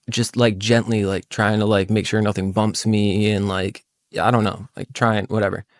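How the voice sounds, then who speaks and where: A man's voice: lowish voice, vocal fry, no echo, clean studio sound. A man hosting a livestream, telling a long personal story in a casual, profane, rambling way, full of "like" and acted-out quotes. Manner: acts out friends' voices in quoted lines. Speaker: livestream host.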